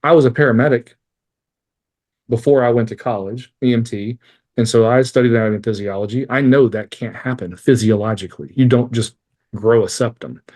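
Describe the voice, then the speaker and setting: Brisk, medium-pitched and darkish, a man appears as a podcast guest recounting something painful from his past. He's open and emotional, swears without holding back, and finds wry laughs in the tough memories.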